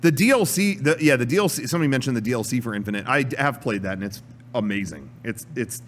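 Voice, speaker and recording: A man co-hosting a casual podcast chat about video games, animated and prone to acting out gameplay. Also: medium pitch, fast talker, a little hiss or hum. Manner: animated, acts out gameplay with loud exclamations. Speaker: podcast co-host.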